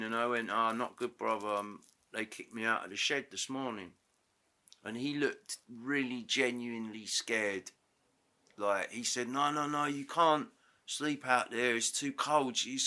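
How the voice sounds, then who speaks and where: Male interview guest, fairly low voice, bright tone, animated storyteller who acts out conversations. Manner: animated, re-enacts dialogue with self-corrections. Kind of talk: casual storytelling. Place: podcast studio.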